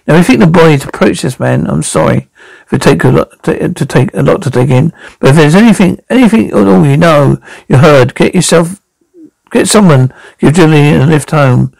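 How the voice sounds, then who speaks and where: A man's voice: a little high, normal speed, creaky, darkish tone, no echo, low-quality recording. A man voicing a blunt, commanding middle-aged female police detective in an amateur radio drama reading. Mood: coaxing.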